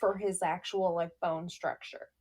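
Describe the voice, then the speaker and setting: A woman co-hosting a podcast in casual chat, playful and jokey, quick to laugh. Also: fairly low pitch, fairly even intonation, a little mellow, slightly rough. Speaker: podcast co-host.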